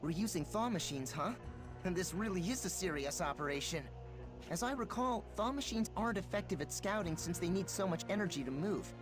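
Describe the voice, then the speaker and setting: A man's voice: high voice, lively intonation, a little fast. An actor voicing a nerdy, eager young male soldier in a video game, curious and a little awkward. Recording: game audio with music behind.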